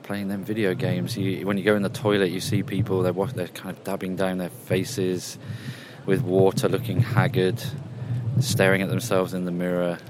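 A man's voice: deep voice, completely flat delivery, normal speed, noisy background. A man casually reporting from a games convention, rambling and chatty, recorded outdoors. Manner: rambling and chatty, with many fillers. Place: quieter outdoor area at a convention.

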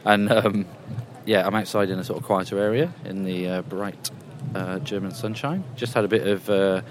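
A low-pitched man speaking at normal speed rambles and chats through a casual games convention report. Plenty of fillers creep in, and the quieter outdoor setting leaves only slight background noise.

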